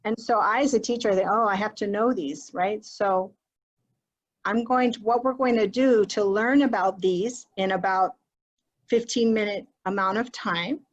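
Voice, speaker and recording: A woman's voice: medium pitch, moderate pace, lo-fi sound. A woman leading an online workshop for teachers in a chatty, encouraging way, mixing in Spanish phrases, recorded on a computer mic during a video call. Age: adult with a child. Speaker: teacher leading a training for educators.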